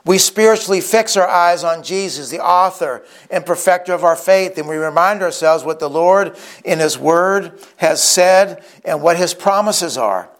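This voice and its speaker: A pastor preaches earnestly, retelling scripture stories and acting out the people being quoted. He has a high voice and talks at normal speed with hardly any pauses.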